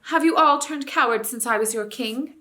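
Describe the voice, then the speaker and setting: A woman voicing a bold young king who shouts commands to his followers. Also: a little high, brisk, pitched above the performer's own voice, natural voice. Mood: commanding.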